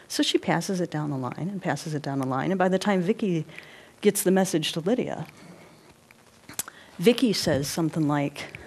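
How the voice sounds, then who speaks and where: A woman presenting a live workshop, animated, guiding listeners through movements and often checking in with them. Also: fairly low pitch, moderate pace, slight background noise. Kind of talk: live interactive workshop talk.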